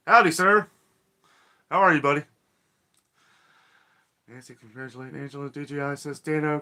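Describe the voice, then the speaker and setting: A man's voice: on the high side, pushed and bright. A man hosting a casual live-stream chat, reading viewer comments aloud and ranting.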